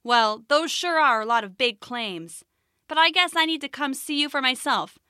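A woman voicing a calm, wily male frog in a storybook, talking in an unhurried, knowing way. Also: high voice, no room sound, clean studio sound.

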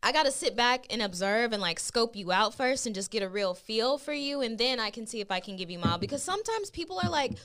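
A woman co-hosting a podcast in casual chat, blunt and profane, telling stories with animated asides. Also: fairly high pitch, fairly quick, few pauses. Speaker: podcast co-host.

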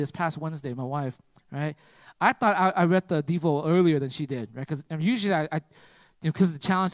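High-voiced, emphatic preaching man. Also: dry recording. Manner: emphatic, repetitive preaching, rising to loud peaks; relaxed storytelling with many "right?" asides. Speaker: pastor. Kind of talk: sermon with personal story.

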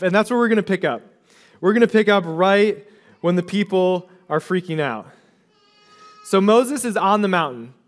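Male pastor, slightly higher voice, conversational sermon with acted-out dialogue. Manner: casual conversational preaching, acting out voices.

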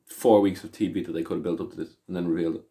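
A man in loose, casual podcast chat, stumbling through his stories with false starts and the odd swear word. His voice sits slightly low. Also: steady tone, racing, dark tone. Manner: rambling, with many restarts and swearing. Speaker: podcast co-host.

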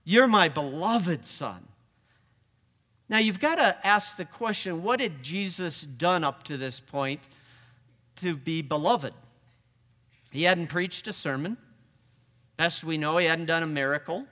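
A man preaching a sermon, conversational, moving from hushed lines to emphatic ones. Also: a little high, measured pace, long pauses, in a large hall.

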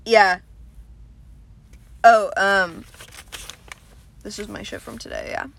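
A woman's voice: medium pitch, steady tone, slow, a bit bright, a little hiss or hum. A young woman from Atlanta, a comedian hosting her own podcast, rambles in a casual, self-deprecating way and swears freely. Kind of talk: casual solo podcast monologue. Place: small room at home, lights went out.

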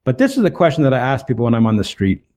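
A man's voice: medium pitch, wildly swooping pitch, very fast, dark tone. A man telling Bible stories and personal testimony in an earnest way, acting out the dialogue as he goes. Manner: earnest, retells dialogue with emphasis. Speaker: street evangelist.

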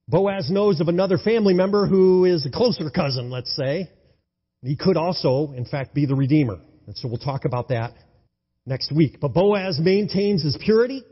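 A male pastor preaching an enthusiastic sermon, swinging between loud exclamations and hushed tones. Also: on the high side, moderate pace, breathy edge. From United States. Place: church sanctuary. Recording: dull, lo-fi sound in a reverberant hall.

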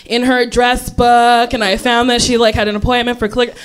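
A woman's voice: a little high, little pitch movement, a little fast, clean tone, soft background music. A young adult woman telling a funny story on a podcast, chatty and giggly, full of "like", acting out the people in it.

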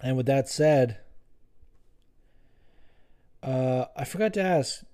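A man's voice: medium pitch, slow pace, warm tone. A young man hosting a podcast, chatting in a rambling, profane, joking way. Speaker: podcast host. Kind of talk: casual podcast chat.

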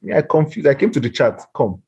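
A man hosting a casual football podcast, animated and talking over his friends. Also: on the high side, fast, breathy edge, lo-fi sound. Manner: animated, talks over others. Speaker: podcast host.

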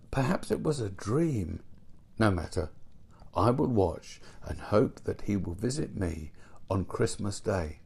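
A man voicing a gentle, kindly old shoemaker who sighs and speaks softly. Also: mid-range voice, vocal fry, husky, exaggerated voice. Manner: sighing, soft-spoken.

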